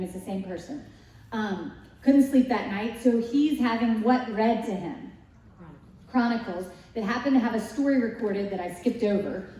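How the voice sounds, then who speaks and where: A woman giving a casual Bible lesson, retelling the story in a lively way with rhetorical questions to her listeners. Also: a little high. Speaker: Bible study teacher. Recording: echoey room, distant mic.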